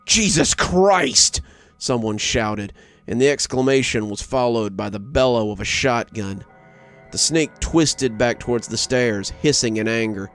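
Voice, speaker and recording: A man reading a horror story aloud in dramatic scripted narration, building tension toward sharp exclamations. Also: mid-range voice. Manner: dramatic, rising to tense exclamations. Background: faint background music.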